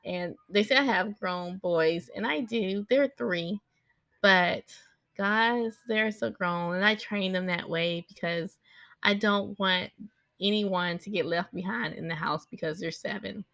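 A woman's voice: mid-range voice, unhurried, creaky, a bit bright, dry recording. A woman in her thirties chatting casually about family life, rambling and breaking off now and then to direct her kids. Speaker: mother recording a podcast vlog. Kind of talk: casual personal chat.

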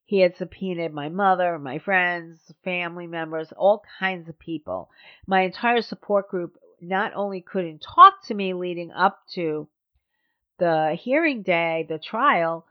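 A woman hosting a podcast, telling a personal story in a blunt, sardonic, animated way. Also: lowish voice, a little slow, muffled recording. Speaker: podcast host.

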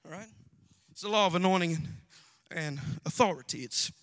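Male pastor, sermon, high voice, bright and sharp, shouting then quiet asides. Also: normal speed. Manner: impassioned preaching, swings from shouts to quiet asides. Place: church sanctuary.

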